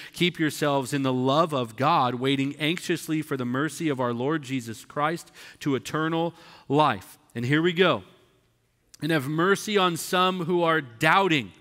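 Emphatic bright-voiced preacher. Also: male voice, medium pitch, moderate pace. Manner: emphatic, conversational, acts out voices. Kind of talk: sermon. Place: church sanctuary. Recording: long reverb of a church hall.

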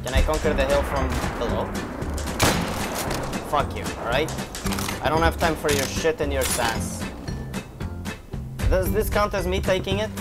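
A man's voice: a little high, unhurried, pauses often. A young man giving casual gameplay commentary, frustrated and sarcastic, swearing often. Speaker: gaming video creator. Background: game music and gunfire.

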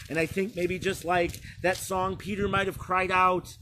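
A male pastor preaching a sermon, retelling a scripture story slowly with frequent pauses. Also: a little high, bright, forceful tone, a little hiss or hum.

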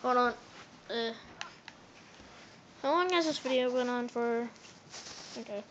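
A woman chatting casually while playing a game, excitable, repeating words and breaking into sudden squeals. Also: a little high, takes it slowly, a little hiss or hum. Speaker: gamer. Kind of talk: casual let's-play chatter. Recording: dull lo-fi phone recording.

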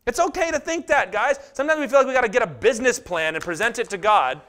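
A middle-aged man preaching a sermon, telling stories animatedly and acting out quotes in lively voices. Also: very high-pitched, fast talker. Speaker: pastor.

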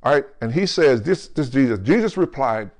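A male pastor in the middle of a sermon, speaking at an ordinary mid-range pitch. He keeps checking in with the congregation through quick asides and throws in jokes. When he quotes scripture he slows right down and leans on each key word. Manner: calls out to the congregation with questions like "right?" and "come on"; lively, jokey preaching.

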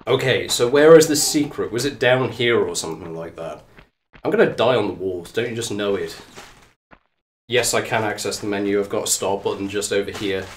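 A man streaming a game live, out of breath and excitable, talking to the character on screen and to his viewers. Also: fairly low pitch, normal speed, a little hiss or hum. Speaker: let's play streamer. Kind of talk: live gameplay commentary. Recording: echoey room, mic at a distance.

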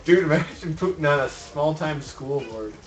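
A man's voice: fairly high pitch, animated, normal speed, background noise. A man joking around in a goofy way while co-hosting a game stream. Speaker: co-host. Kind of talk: casual gaming chat. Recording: roomy, distant from the mic.

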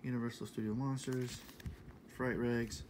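A man in his thirties talking casually in a shopping haul vlog, enthusiastic and repetitive, sometimes dropping to a soft half-whisper. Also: medium pitch, flat delivery, moderate pace, a little hiss or hum. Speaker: vlogger showing a shopping haul.

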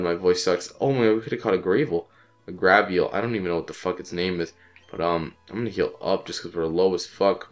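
Sick-sounding young man cursing at a game. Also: low voice. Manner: frustrated, swearing, repeats phrases in quick bursts. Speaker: gaming channel host. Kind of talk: casual let's-play commentary.

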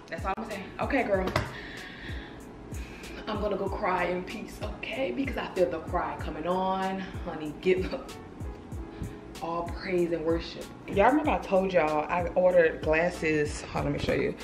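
An animated woman of thirty talks straight to her viewers in a casual home vlog. Her voice sits a little low. The room sounds roomy, with music under her. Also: unhurried, pauses often. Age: 30s. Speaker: lifestyle vlogger. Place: apartment room. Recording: roomy echo with music behind.

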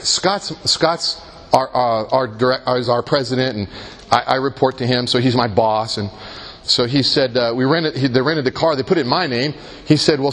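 Husky-voiced guy running a faith workshop, chatty, keeps asking the room questions, jokes about himself. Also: medium pitch, a bit bright. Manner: engages listeners with rhetorical questions and self-mocking jokes. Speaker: workshop leader. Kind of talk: conversational Christian teaching workshop.

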